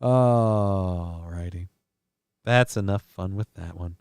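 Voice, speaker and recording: A man hosting a comedic news livestream, rambling and sarcastic, his speech peppered with swearing. His voice sits in a middle register and sounds smooth and resonant. It is recorded close and dry on a home mic. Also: low voice, takes it slowly, darkish tone, no room sound. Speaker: host. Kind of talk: casual comedic news commentary stream.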